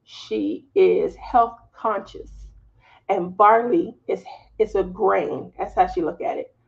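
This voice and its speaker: Gravelly Southern woman chatting casually. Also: mid-range voice, slow. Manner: chatty, laughing, storytelling asides. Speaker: craft channel host. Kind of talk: casual live-stream chat. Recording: slightly dull lo-fi audio.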